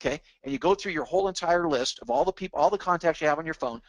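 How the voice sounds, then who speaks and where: A man leads a sales training webinar in an eager, pushy way. His voice sits on the higher side and sounds dry and close. He drives each point home by saying it again. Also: racing, no echo, low-quality recording. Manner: pumped-up, pushy, repeats himself for emphasis. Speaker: webinar presenter.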